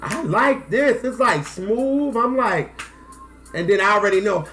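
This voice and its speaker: A man in his thirties telling a personal story to camera in a casual, animated way, acting out quotes and close to tears. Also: high-pitched, unhurried, faint music behind. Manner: animated, acts out quotes, slangy. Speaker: music vlogger.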